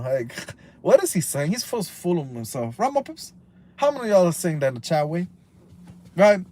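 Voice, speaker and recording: A man's voice: a little high, expressive, a little slow, darkish tone. A man of about thirty, ranting casually on a live stream from inside a car, heated and profane, rambling and mixing in Spanish slang. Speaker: livestream host.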